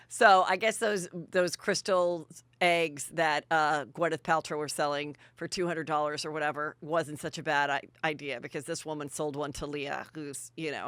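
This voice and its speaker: A woman's voice: sits low, a bit bright, no echo. A woman podcast host giving a chatty, bawdy gossip recap on a close studio mic.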